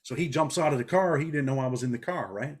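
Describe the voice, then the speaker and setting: A middle-aged man talks quickly in blunt, streetwise phrases. He keeps dropping "man" and "bro" as he tells his stories. His voice sits in a middle pitch. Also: breathy edge. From New York. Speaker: interview guest, former prisoner. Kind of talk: casual interview storytelling.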